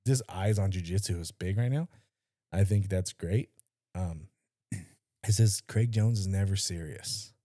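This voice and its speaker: Jokey, animated podcast co-host man. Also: sits low, unhurried, no echo, studio quality. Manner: animated, jokey, repeats himself. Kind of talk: casual chat.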